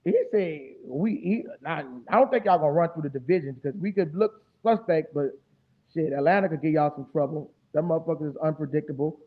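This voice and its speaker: A man hosting a casual fan stream, talking fast and loose with a lot of profane, animated trash talk. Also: a little high. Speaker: fan show host. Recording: tinny phone-like audio.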